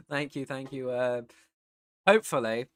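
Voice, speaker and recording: A man's voice: medium pitch, slow, fairly bright tone, no room sound. A man from the United Kingdom chatting casually on a live stream, reading chat aloud and rambling with the odd swear. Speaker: streamer and voice actor.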